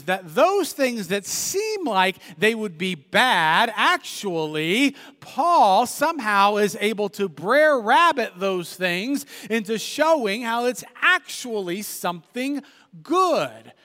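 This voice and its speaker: A male pastor preaching a sermon, telling a story in an animated way and often checking in with "right?". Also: high-pitched, in a large hall.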